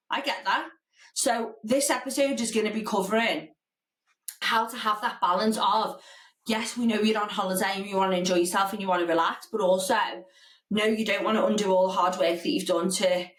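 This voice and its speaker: A woman's voice: medium pitch, recorded from a distance. Breathless woman hosting her podcast, chatty and frank, in an echoey room a bit off the mic. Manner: chatty and candid, swears freely. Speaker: podcast host. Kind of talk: casual solo podcast talk. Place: home room with a standing desk.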